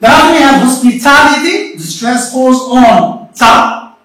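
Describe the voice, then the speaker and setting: A woman's voice: high voice, lively intonation, fairly bright tone. Echoey, distant woman teaching English. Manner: slow, deliberate explaining with frequent repetition. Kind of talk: recorded remote classroom lesson. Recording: very echoey room, voice far from the mic.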